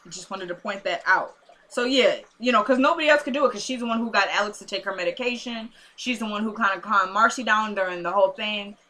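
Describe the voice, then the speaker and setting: A woman's voice: mid-range voice, fast talker, sharp tone, a little hiss or hum, low-quality recording. A young adult woman casually recapping a TV episode, rambling with lots of fillers. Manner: rambling, lots of "like" and "you know".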